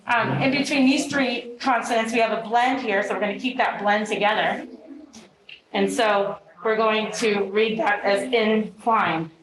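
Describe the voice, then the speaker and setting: In an unhurried, medium-pitched voice, a woman teacher runs a phonics lesson for young learners, staying positive and encouraging throughout. Kids can be heard in the background of the echoey, noisy classroom.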